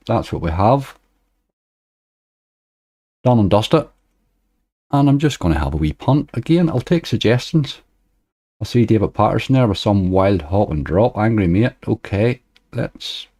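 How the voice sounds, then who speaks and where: A man's voice: on the low side, animated, unhurried, pauses often, warm tone, slightly rough, no room sound, studio quality. A man hosting a casual livestream, chatting loosely and reading out viewers' messages into a desk microphone. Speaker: slots livestreamer. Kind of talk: casual live-stream chat.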